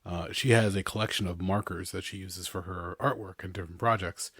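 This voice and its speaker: A man in his thirties with a fairly low voice, talking loosely as a podcast host. He rambles along in easygoing chat and chuckles often between his remarks. The sound is close and dry, with little room around it. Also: steady tone, brisk, a bit bright, husky, no room sound. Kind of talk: casual chat.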